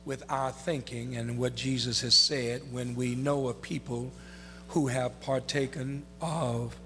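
A man preaching a sermon as pastor, reading scripture in a slow, drawn-out way. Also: mid-range voice, a bit bright. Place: church sanctuary. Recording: reverberant hall.

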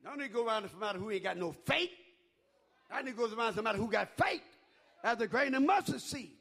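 An older man preaching a sermon in call-and-response style, dropping to a hush and then rising to a shout. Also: high voice, expressive, fast, creaky, breathy edge.

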